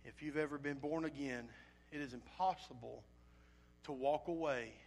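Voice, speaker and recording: Man, preacher, sermon, storytelling, emotional, slightly high voice. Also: moderate pace. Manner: animated storytelling with acted-out asides; emotional, earnest.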